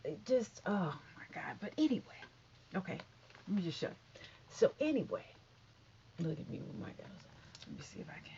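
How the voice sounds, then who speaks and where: A woman's voice: on the low side, very animated, normal speed, pauses often, dark tone, highs cut off, slight background noise. A woman vlogging casual celebrity gossip in a chatty, catty way, full of asides and repeated no's.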